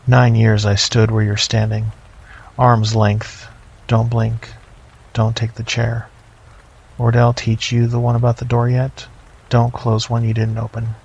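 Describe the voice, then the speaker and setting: A man voicing a tired male government agent who talks flat, with no rise or fall. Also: medium pitch, a little slow, creaky, breathy edge. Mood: flat, weary. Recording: slightly dull lo-fi, faint noise.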